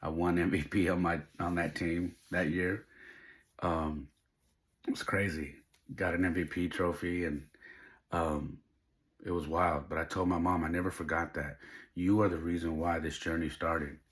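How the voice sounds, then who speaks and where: A man's voice: sits low, little pitch movement, normal speed. A middle-aged man hosting a podcast, telling a personal story in an emotional, heartfelt way. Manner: emotional, heartfelt, faith-driven. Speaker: podcast host.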